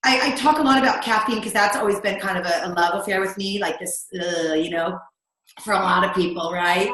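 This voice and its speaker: A woman's voice: medium pitch, fairly quick, fairly bright tone. A middle-aged woman talking as an interview guest, chatty and confiding, often saying "you know". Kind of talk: casual interview chat. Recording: very echoey room.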